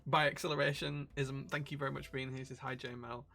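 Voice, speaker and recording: A man's voice: mid-range voice, level tone, quick pace, vocal fry, bright, forceful tone. A man running a livestream, joking with his co-host and reading out chat comments. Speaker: streamer and keyboard shop owner.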